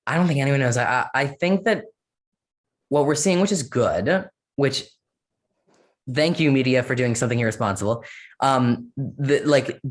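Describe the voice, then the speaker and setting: A man speaking as a guest in a casual podcast interview, rambling with many fillers and sarcastic asides. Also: medium pitch.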